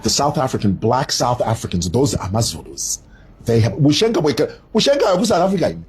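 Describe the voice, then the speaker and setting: Brief: middle-aged man, very husky voice, animated opinion host. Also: mid-range voice, low-quality recording. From Zambia. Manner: animated, storytelling, drawn-out emphasis. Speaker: commentator. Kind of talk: opinionated commentary.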